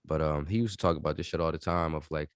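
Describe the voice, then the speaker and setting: A man in his thirties co-hosting a podcast in casual chat, animated, swearing freely and laughing often. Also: a bass voice, fast, clear, resonant tone, no echo, studio quality. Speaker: podcast co-host.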